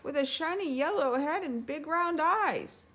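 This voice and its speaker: A woman's voice: extremely high pitch, animated, moderate pace, a bit bright, pitched above the performer's own voice. A woman voicing a small, timid young piglet who stammers nervously in a storybook read-aloud. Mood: anxious.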